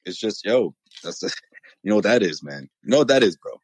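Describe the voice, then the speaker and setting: Animated, joking man in sports banter. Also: lowish voice, brisk, breathy edge, no echo. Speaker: podcast co-host. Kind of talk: casual sports chat.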